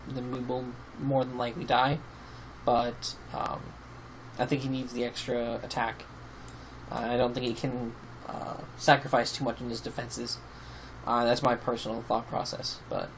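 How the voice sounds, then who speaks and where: A man casually talking through a game team he has built, rambling with many pauses and fillers, and sounding sleepy. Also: medium pitch, creaky, slight background noise, rough recording. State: sleepy, yawning. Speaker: YouTube team-building host. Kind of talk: casual commentary over gameplay.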